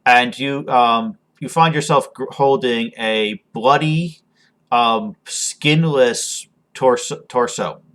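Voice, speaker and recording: A man narrating as game master of a tabletop game, halting with frequent ums and restarts. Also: medium pitch, fairly bright tone.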